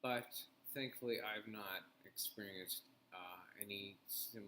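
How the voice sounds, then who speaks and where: A man's voice: lowish voice, sharp tone, a little hiss or hum. A man co-hosting a casual talk show, speaking hesitantly with lots of fillers. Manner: hesitant, halting, with many fillers. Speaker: podcast co-host. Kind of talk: casual chat.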